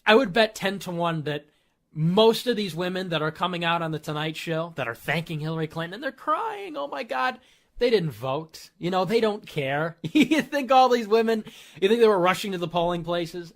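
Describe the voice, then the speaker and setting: A man's voice: high-pitched, animated, fairly quick. A man hosting a commentary show, ranting in a sarcastic, mocking way and slipping into put-on voices. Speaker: show host.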